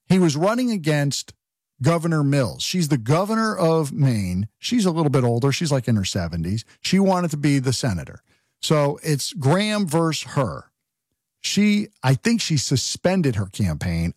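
A man hosting a political talk radio show, talking in an animated, opinionated way and firing off rhetorical questions. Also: medium pitch, breathy edge, dry recording, studio quality.

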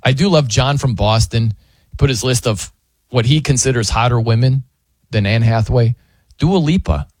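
A man's voice: medium pitch, moderate pace, a little mellow, slightly rough, dry recording. A man hosting a sports radio show, chatting casually in a joking, rambling way with lots of fillers. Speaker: fill-in sports radio host.

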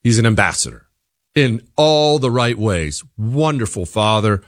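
A middle-aged man delivering an opinion monologue as a commentator, animated and leaping up in pitch when he quotes others. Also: unhurried, no echo, clean studio sound. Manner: animated, jumps high in pitch for quoted voices.

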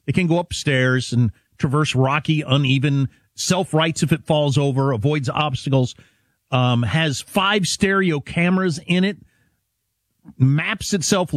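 A talk radio co-host riffing in a loose, rambling, wry way. His voice is slightly husky and moves up and down a lot. The studio sound is dry and close. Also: on the high side, no room sound. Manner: rambling, wry, many fillers. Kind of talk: casual talk radio banter.

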